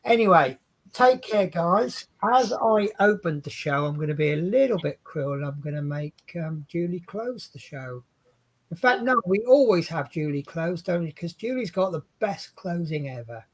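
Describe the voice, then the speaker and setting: A man's voice: on the high side, animated, moderate pace. A man, co-hosting a craft livestream in rambling, chatty talk and laughing at his own stories. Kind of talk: casual chat. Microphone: video call stream.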